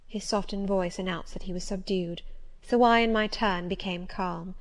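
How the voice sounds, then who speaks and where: A woman narrating a classic novel as an audiobook in the first person, measured and composed. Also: medium pitch, fairly even intonation. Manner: measured and composed, with a mid-range voice.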